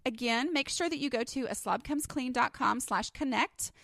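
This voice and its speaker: A Texan woman hosts a solo podcast, talking through her ideas in a candid, chatty way with plenty of ums. Her voice sits a little high. The sound is dry and close, with no room around it. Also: moderate pace, creaky, fairly bright tone, no echo. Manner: candid, chatty, with many fillers. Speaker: podcast host.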